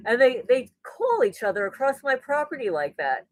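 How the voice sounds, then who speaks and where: A woman, hosting a casual livestream from home, reading viewer comments in an animated way and often repeating her words. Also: high-pitched, fairly quick, hardly any pauses, dry recording, narrow, tinny audio. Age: 60s. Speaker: livestream host. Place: rural home indoors. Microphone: laptop mic.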